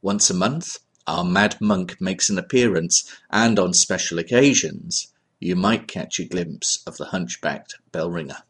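A man reading a scripted piece in a dry, deadpan way. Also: deep voice, unhurried, slightly rough. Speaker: story contributor. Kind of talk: scripted narration.

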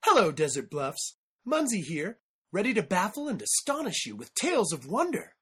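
A woman's voice: medium pitch, huge pitch swings, normal speed, slightly rough. A woman presenting a story segment with a playful, theatrical and teasing delivery. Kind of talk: playful showy introduction.

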